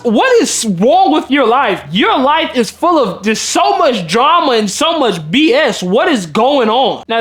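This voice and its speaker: A man's voice: very high voice, a bit bright. A man from Milwaukee, a dating coach, telling a story in casual, profane speech and acting out the quotes. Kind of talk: storytelling vlog.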